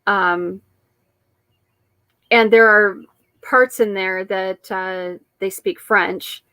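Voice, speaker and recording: A woman's voice: mid-range voice, steady tone, very slow, pushed and bright, dry recording. A woman hosting her weekly live-stream chat, talking in a rambling, chatty way with frequent laughs.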